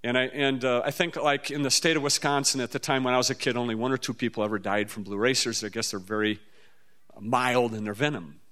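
A man from the Midwestern US, preaching a storytelling sermon in a folksy, animated way with sudden jumps up in pitch. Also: a little fast. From Midwestern US, near the Mississippi River.

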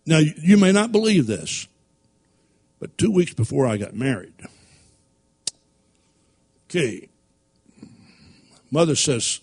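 Animated storytelling preacher man. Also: fairly high pitch, takes it slowly, pauses often, breathy edge. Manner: animated, folksy storytelling, laughs at his own stories. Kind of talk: sermon storytelling.

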